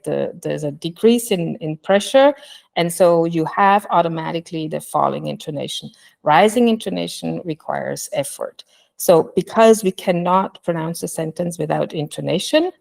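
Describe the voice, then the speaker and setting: Low, gravelly woman giving an academic talk. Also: a little mellow. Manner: thinks aloud with many fillers, restarts and "you know". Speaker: linguistics speaker at an online conference. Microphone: computer mic on a video call.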